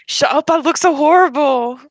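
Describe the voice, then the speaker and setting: A woman's voice: high-pitched, moderate pace, dry recording. A woman chatting casually on a livestream, rambling with lots of fillers. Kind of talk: casual chat.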